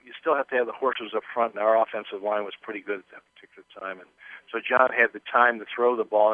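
A man's voice: on the low side, dry recording. An older man, a former football player, telling rambling anecdotes as an interview guest, with many restarts. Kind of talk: casual interview storytelling. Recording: tinny phone line.

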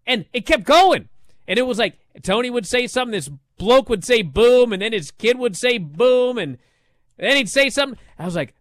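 An argumentative male radio host rants about a show, his pitch leaping high and swinging wide. The studio sound is dry and close, with no room around him. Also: brisk, no echo. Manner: excitable, argumentative, mimics people in quotes. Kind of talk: animated sports talk radio banter.

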